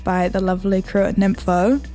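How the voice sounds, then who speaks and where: An upbeat woman with a New Zealand accent co-hosts a breakfast radio show in easy, casual chat. She slips te reo Māori greetings into her English, and her voice sits at an ordinary middle pitch. Faint music plays beneath her. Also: fairly even intonation, moderate pace, mellow.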